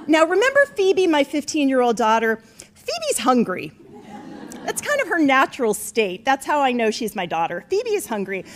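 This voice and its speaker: Animated, profane woman storyteller. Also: a little high, normal speed, slight background noise. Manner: animated, profane, rising to near-shouts at punchlines. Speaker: author telling a story at a live event. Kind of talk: comic personal storytelling.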